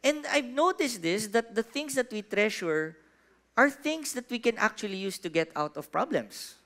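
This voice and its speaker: A pastor from the Philippines preaches a sermon in church with a Filipino accent, animatedly asking the congregation questions and moving between soft and loud. His voice sits high, and he speaks at a normal speed.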